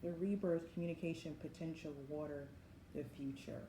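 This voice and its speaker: Low-voiced woman reading tarot. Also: steady tone, normal speed, dark tone. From Southern United States. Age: 40s. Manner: musing, effusive, often calls things wild. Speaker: tarot reader. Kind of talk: spiritual tarot and oracle reading. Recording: echoey room with background noise.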